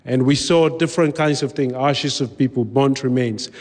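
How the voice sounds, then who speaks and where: A man's voice: medium pitch, darkish tone. Man telling a story in a large, echoing hall. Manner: measured, vivid recounting with occasional restarts. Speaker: speaker recounting his own past. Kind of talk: personal storytelling talk. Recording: long hall reverb.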